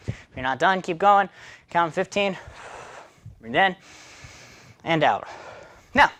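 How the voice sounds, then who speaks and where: A man with a slightly high, fairly bright voice leads a follow-along taekwondo class, counting kicks out loud. Between sets he coaches in a chatty, self-deprecating way, breathing hard from the workout.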